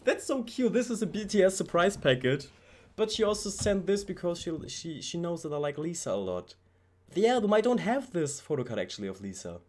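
A young man, excitedly unboxing fan mail at his home PC setup and gushing about every item. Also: on the high side, moderate pace. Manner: excitable, gushing, says "bro" often. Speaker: YouTuber.

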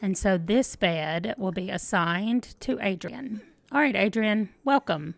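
Woman, let's play host, casual chatty commentary, thinking aloud, mid pitch, dry sound. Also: unhurried, gravelly, dry recording.

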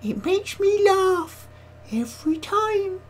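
A man putting on the high, squeaky voice of a woman from his chat, talking in a gushing, giggly way. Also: animated, slow, heavily acted.

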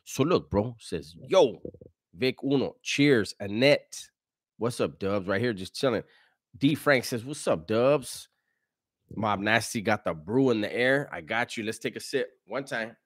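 A man hosts a live stream, working through viewer comments in an easygoing, slangy manner and chuckling often. His voice sits on the low side. The sound is close and dry, with no room echo. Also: lively intonation, measured pace. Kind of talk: casual live-stream chat, reading viewer comments aloud.

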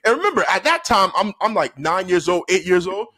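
A man's voice: sits high, a little fast, no room sound. A man telling a childhood story in a casual vlog, slangy and loose with his language. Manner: animated, slangy, loose and profane.

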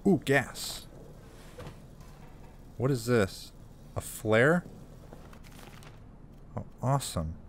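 A man's voice: medium pitch, very animated, very slow, pauses often, a little hiss or hum. A man playing a survival horror game and commenting casually, chatty and jumpy, laughing nervously at the scares. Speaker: gaming YouTuber. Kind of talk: let's play commentary.

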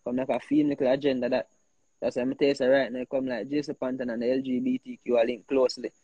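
A man's voice: medium pitch, fast talker, breathy edge, dry recording, muffled recording. Emphatic Jamaican man, dry sound. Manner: animated, emphatic, repeats himself. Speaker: host. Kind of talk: heated casual talk.

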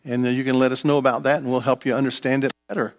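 A man's voice: medium pitch, little pitch movement, rapid-fire, big-room sound. An older man preaching a casual, playful sermon as pastor, leading call-and-response with his congregation. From USA. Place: church sanctuary.

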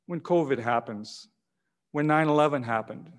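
In a church hall filled with long echoing reverb, a mid-range-voiced man in his 60s from Canada delivers a sermon. His preaching is measured, with key phrases repeated and punctuated by pauses.

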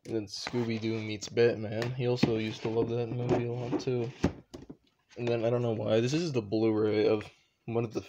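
A man's voice: mid-range voice, flat delivery, normal speed, highs cut off. Rambling young man, noisy home recording. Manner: rambling, unsure, lots of shrugging asides. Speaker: vlogger. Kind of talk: casual offhand commentary. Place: home room with shelves.

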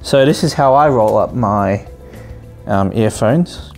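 Excited man chatting through an unboxing. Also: lowish voice, faint music behind. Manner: excited, chatty, often pauses with um and self-corrections. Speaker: tech video host. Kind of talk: casual unboxing narration.

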